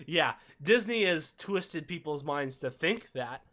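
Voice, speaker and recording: A man co-hosting a casual livestream discussion, talking in an animated, ranting way with quick asides. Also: fairly high pitch. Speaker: watch-party co-host.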